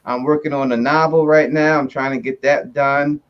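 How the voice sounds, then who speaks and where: Host, man, fairly high voice, jokey and lively, dull call audio. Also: normal speed. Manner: animated, joking, laughs often. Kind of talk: casual video chat.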